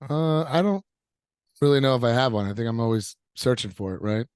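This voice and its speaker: A man in his thirties answers questions with easy, upbeat energy, drifting through fillers as he thinks aloud. His voice sits at an ordinary middle pitch. The recording is dry and close, with no room sound. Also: expressive, brisk, darkish tone, clear, resonant tone, no room sound. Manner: upbeat and easygoing, rambling with fillers. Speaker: professional wrestler guest. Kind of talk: casual interview answers.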